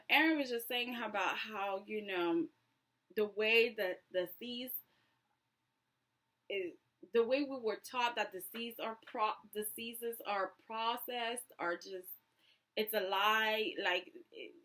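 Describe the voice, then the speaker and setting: A woman chatting casually through a reality TV recap, animated and sassy, acting out what people said. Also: fairly high pitch. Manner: chatty and animated, acts out quotes with sassy asides.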